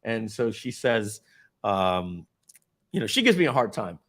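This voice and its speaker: A man's voice: lowish voice, sing-song, a little slow, fairly bright tone. A middle-aged man, a company founder, telling a dramatic personal story at a company event and acting out the scenes.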